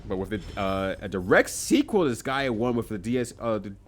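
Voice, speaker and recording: A man's voice: on the low side, lively intonation, fairly quick, soft background music. A man streaming live, chatting casually while he plays, rambling along and correcting himself as he goes.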